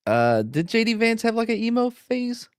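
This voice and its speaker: A man's voice: extremely high pitch, very animated, moderate pace, smooth, no echo, clean studio sound. A man co-hosting a casual podcast chat who jokes, laughs often and keeps restarting his sentences. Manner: slips into mock impressions. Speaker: podcast co-host.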